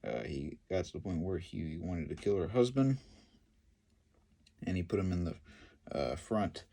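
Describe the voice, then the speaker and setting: A man retelling a Bible story and commenting on it, in a halting, filler-heavy way. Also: low voice, lively intonation, vocal fry, dark tone. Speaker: Bible teacher.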